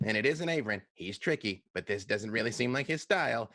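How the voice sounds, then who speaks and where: Bright-voiced man playing a tabletop game. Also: fairly low pitch, animated, moderate pace, vocal fry, hardly any pauses, no room sound. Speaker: player. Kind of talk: tabletop role-play.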